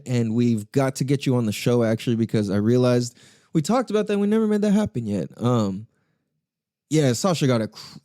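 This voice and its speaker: Warm and mid-range, his voice comes through a dry, clean studio recording. He's a podcast host doing a casual solo monologue, rambling, cursing and laughing often.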